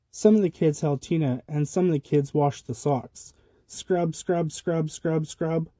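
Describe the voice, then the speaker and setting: A man reading a children's picture book aloud with a lively, rhythmic delivery of sound words. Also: a little high, no room sound. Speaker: storybook reader. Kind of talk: children's storybook read-aloud.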